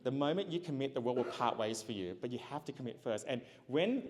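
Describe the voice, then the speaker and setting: Male keynote speaker with a mid-range voice, animated storyteller, recorded with long hall reverb. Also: medium pitch, quick pace. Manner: animated, acts out dialogue, laughs often. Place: large event hall.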